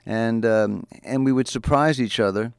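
A man's voice: mid-range voice, normal speed, vocal fry, a little mellow, clean tone, dry recording, studio quality. Rambling, stammering comedian man. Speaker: comedian guest. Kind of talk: casual interview chat.

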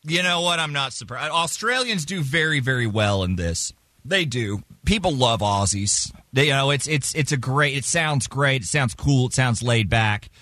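Male radio co-host from Texas, casual and opinionated, very expressive pitch. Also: dry recording, clean studio sound. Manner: animated, opinionated, quick asides.

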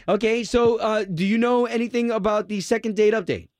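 A man's voice: high-pitched, steady tone, moderate pace, darkish tone, no echo. A male radio morning show host running a call-in segment, upbeat and steering the conversation.

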